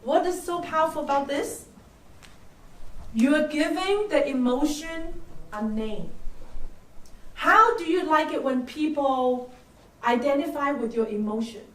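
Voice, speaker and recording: High-voiced older woman coaching a seminar. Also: a little slow, long pauses. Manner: coaching, peppers with "right?" and questions to the audience. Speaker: workshop speaker. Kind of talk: soft-skills seminar talk. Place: seminar room. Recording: echoey room, voice from far off.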